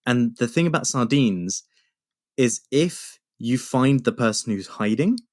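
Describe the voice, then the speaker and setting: A man's voice: medium pitch, animated, measured pace, a little mellow, dry recording, studio quality. A young man co-hosting a podcast, telling stories in a rambling way with many restarts. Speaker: podcast co-host. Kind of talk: casual chat.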